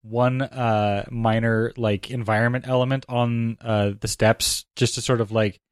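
A man's voice: medium pitch, level tone, clean tone, no room sound, clean studio sound. Joking man on a podcast. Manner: quick, joking, uses like often. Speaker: podcast co-host. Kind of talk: casual film discussion.

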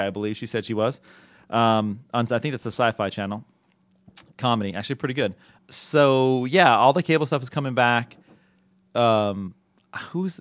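A man's voice: medium pitch, dry recording. Chatty man with a dry close sound. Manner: rambling, loose, with many fillers and restarts. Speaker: podcast host answering listener questions. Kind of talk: casual podcast chat.

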